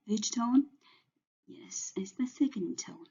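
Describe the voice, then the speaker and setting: A woman teaching pinyin in a slow lesson, saying each syllable several times over. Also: a little high, creaky, a little mellow, slightly rough. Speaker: Chinese teacher. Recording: dull lo-fi sound.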